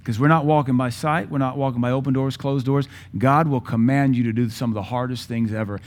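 A man in his forties preaching a sermon with passion, using dramatic pauses and acting out voices from scripture. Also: mid-range voice, fairly even intonation. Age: 40s. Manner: impassioned, dramatic pauses, mimics Bible voices.

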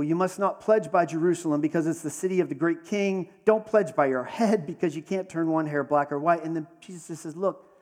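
A man's voice: a little high, darkish tone. Man preaching a sermon in a reverberant hall. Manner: storytelling, conversational with dramatic pauses. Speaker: pastor.

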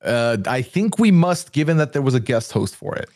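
A man's voice: medium pitch, moderate pace, dry recording, studio quality. A man co-hosting a podcast, chatting casually and playfully about a reality show episode. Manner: animated, playful, excitable. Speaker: podcast co-host. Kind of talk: casual recap chat.

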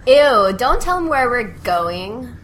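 A woman's voice: a little high, very animated, takes it slowly, fairly bright tone, slight background noise, exaggerated voice. A woman voicing a suspicious, snippy college woman in her twenties with a scornful drawl. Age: 20s.

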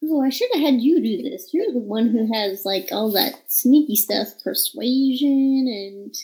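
High-voiced playful woman playing a tabletop game. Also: expressive, unhurried, a little mellow, rough recording. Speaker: player. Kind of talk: casual tabletop role-play.

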